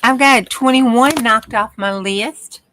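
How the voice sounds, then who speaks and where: Exhausted woman, slow and drowsy. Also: on the high side, slight background noise. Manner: slow, drowsy, laughing softly. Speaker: co-host. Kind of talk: casual late-night livestream chat.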